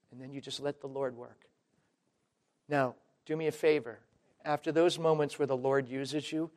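A man preaching a sermon in an emphatic, conversational way, talking straight to the listeners and swinging between loud and quiet. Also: on the high side, normal speed. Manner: addresses listeners directly as folks.

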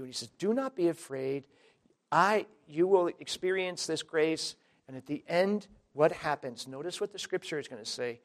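A male preacher with a somewhat high voice delivers a sermon in a loose, conversational way. He talks straight to his listeners, calling them folks, and his volume rises and falls for emphasis. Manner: conversational, emphatic, swings between loud and quiet; addresses listeners directly as folks.

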